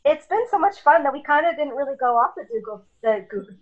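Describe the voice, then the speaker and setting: A woman co-hosting a podcast call, giggly and animated as she wraps up. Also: sits high, fast, lo-fi sound. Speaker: podcast co-host. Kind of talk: casual chat on a call.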